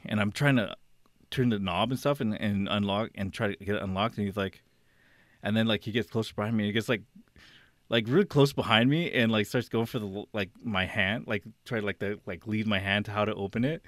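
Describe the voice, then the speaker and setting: A man on a podcast telling a long story in casual chat, rambling and animated, acting out what people said and laughing often. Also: fairly low pitch, a little fast, no room sound. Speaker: podcast co-host.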